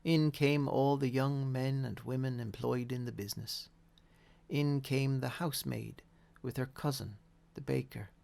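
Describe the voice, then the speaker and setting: A man reading a classic story aloud in a measured, expressive way. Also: mid-range voice, gravelly. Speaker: audiobook reader. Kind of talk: storybook narration.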